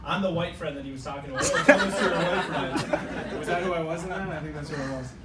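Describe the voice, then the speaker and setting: A man's voice: fairly high pitch, fast. A young man from Minnesota doing stand-up, joking and laughing at himself, recorded from far off in an echoey club. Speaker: open mic comedian. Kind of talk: stand-up comedy. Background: loud crowd.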